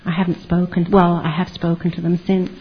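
An older woman tells her story in a candid, rambling way, circling back and restarting her thoughts. Her voice sits low and a little husky. The recording sounds dull and lo-fi. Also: little pitch movement, brisk. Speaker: former Jehovah's Witness giving testimony. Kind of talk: personal testimony.

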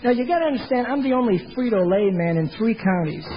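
A man's voice: very high-pitched, animated, fast talker, muffled recording, a little hiss or hum. A middle-aged man telling his personal testimony in a folksy storytelling way, acting out what other people said. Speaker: former door-to-door salesman giving testimony. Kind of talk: personal testimony told to a congregation.

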